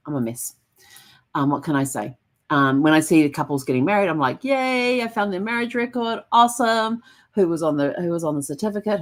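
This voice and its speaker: A woman hosting a genealogy channel, talking casually and animatedly, jumping up high when she acts out her own reactions. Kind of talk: casual solo talk to camera.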